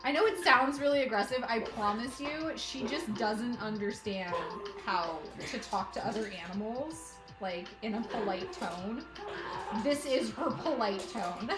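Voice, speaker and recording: A woman's voice: fairly high pitch, unhurried, roomy sound, over music. A woman chatting casually on a live stream while she cross-stitches, often talking to her pets. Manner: chatty, talks to her pets in a cooing baby voice.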